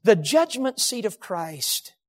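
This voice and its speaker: A man's voice: big pitch swings, takes it slowly. Emphatic preacher man. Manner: emphatic, rising to shouts then dropping to low hushed endings. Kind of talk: sermon.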